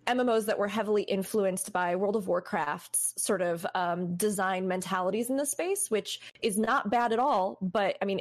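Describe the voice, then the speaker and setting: A woman's voice: mid-range voice, dry recording. A woman guest on a gaming podcast, talking casually and giving thoughtful advice with many "like"s and "right"s. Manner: thoughtful, advising, often says "like" and "right".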